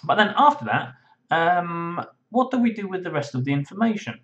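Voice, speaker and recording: A man's voice: sits high, big pitch swings, normal speed, fairly bright tone, highs cut off. A man teaching legal English writing in a webinar, explaining patiently and thinking aloud with frequent fillers and restarts. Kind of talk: webinar lesson.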